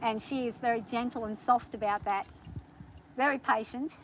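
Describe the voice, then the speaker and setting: A woman vlogging from horseback on her farm, talking nervously and gently soothing her horse. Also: a little high, steady tone, normal speed, a little hiss or hum, low-quality recording. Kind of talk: casual spoken vlog.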